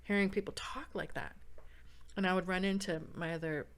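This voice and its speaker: A woman from San Diego, a podcast guest, telling stories in a lively casual chat. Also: on the low side, a little fast. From San Diego, California. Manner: animated, acts out other people's lines in the stories.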